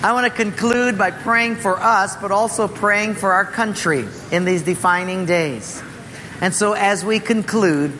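A man preaching to a congregation in a high, bright voice, spinning a humorous personal tale. His sermon rings out through a large hall with a long reverb, over faint background noise. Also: unhurried. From Portugal. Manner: humorous, animated storytelling with laughter. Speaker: pastor. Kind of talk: storytelling sermon.

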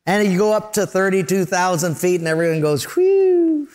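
A pastor preaches in a smooth, high voice at a fairly quick pace. His sermon unfolds through stories, and he performs voices and sound effects along the way.

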